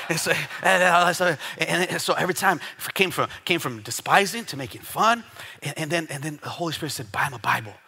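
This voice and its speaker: A male pastor preaching to his congregation with a strikingly bright, piercing tone and a fairly high voice. He stumbles and restarts often, calls out for an amen, and builds toward loud, fervent passages. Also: husky. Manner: preaching with many restarts, rising to loud fervor; asks for amens from the congregation. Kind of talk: sermon.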